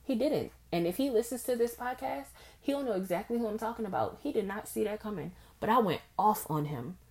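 A young woman hosting a casual solo podcast, talking candidly and acting out past conversations. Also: brisk. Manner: candid and expressive, acts out past conversations in a high voice. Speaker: podcast host.

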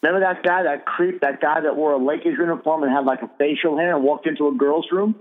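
A middle-aged man hosts a radio talk show, speaking bluntly and indignantly and swearing freely. His voice sits a little high for a man. The audio is thin and phone-like, with a long reverb trailing behind it. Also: steady tone, fast talker.

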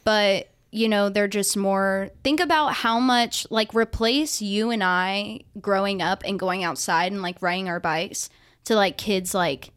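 A woman's voice: medium pitch, a little slow, fairly bright tone, clear, resonant tone, no room sound. A young woman co-hosting a podcast in casual chat, chatty and full of "like". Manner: chatty, filler-heavy, frequent "like". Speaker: podcast co-host. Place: studio. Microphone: handheld mic. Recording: dry close studio mic.

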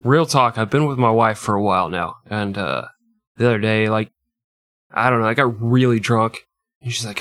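A man's voice: fairly low pitch, normal speed, fairly bright tone, no room sound. A man in his thirties co-hosting a comedy history podcast, joking and laughing often. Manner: laughs often, plugs the show. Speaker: podcast co-host. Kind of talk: casual comedy chat.

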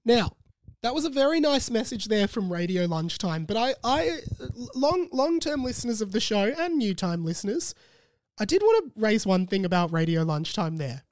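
Sick podcast host, high voice. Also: male voice, normal speed, no echo. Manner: animated, playful, rambling. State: sore throat from illness. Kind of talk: casual solo podcast chat.

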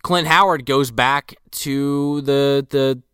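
A man co-hosting a casual movie podcast, animated and joking, swearing and laughing as he recaps scenes. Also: medium pitch, slow, smooth, no echo, studio quality. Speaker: podcast co-host.

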